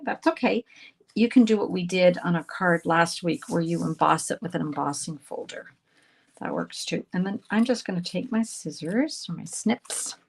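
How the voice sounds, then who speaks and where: A woman leads a live crafting class, chatting brightly and greeting viewers by name as she works. Her voice sits a little low and carries a gravelly edge. A faint hiss runs underneath. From Canada. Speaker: craft instructor hosting a live stream. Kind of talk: live card-making demonstration.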